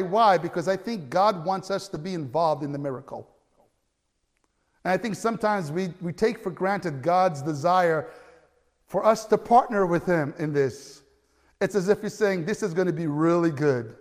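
A man with a high, bright voice preaching a sermon. He tells the story with animated energy, pushing to loud cries at the peaks and tripping over restarts now and then. A long hall reverb trails his words. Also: normal speed. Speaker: pastor.

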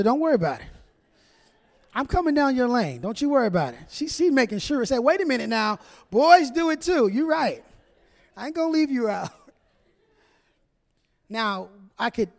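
This humorous sermon comes from a pastor with a high, light male voice, preaching in a joking, chatty style. Addressing his congregation directly, he teases first the men, then the women, as the large church hall adds long reverb.

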